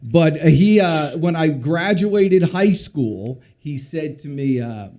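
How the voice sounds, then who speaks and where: A high-pitched man with a very lively delivery, swinging widely as he jokes and tells stories. His tone is mellow rather than bright. He is a podcast guest in casual interview chat. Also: slow pace, a little hiss or hum. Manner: animated, joking storyteller. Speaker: podcast guest, company executive.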